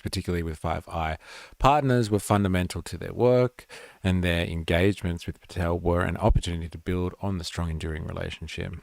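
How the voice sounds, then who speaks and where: Gravelly deep Australian man ranting. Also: dry recording. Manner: sarcastic, swears freely, rambling. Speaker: live stream host. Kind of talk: casual live commentary.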